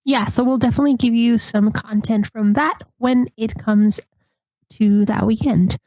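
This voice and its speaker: Female podcast co-host, American accent, mellow tone, earnest and deliberate delivery, dry sound. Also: on the high side, no echo, poor audio. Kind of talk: casual podcast chat.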